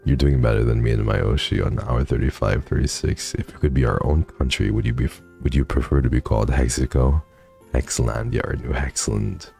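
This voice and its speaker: A man's voice: rumbling low, brisk, creaky, warm tone, faint music behind. A man streaming from home, chatting casually and thanking viewers, sleepy and swearing freely. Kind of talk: casual chat reading donations.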